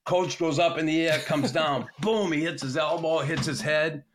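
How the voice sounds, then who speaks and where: A man's voice: fairly high pitch, normal speed, noisy background. A man hosting a podcast, telling profane locker-room anecdotes in a casual, laughing way. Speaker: podcast host. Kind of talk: casual storytelling chat.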